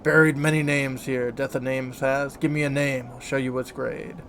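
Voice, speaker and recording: A man's voice: medium pitch, level tone, normal speed, a bit bright, a little hiss or hum, lightly acted. A man voicing an eerie male undertaker in a game, speaking in clipped, sing-song phrases.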